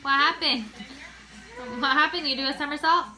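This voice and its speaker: Over faint background music, a young mother vlogs from her home on a phone camera, chatting to her toddler in a sing-song baby voice and sometimes to viewers. Her high voice is steady in tone and sharp, at a normal speed.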